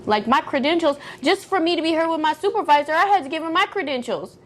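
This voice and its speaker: Animated woman co-hosting a chat podcast. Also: sits high, fast talker. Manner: animated, acts out quoted voices. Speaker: podcast co-host. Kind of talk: casual chat.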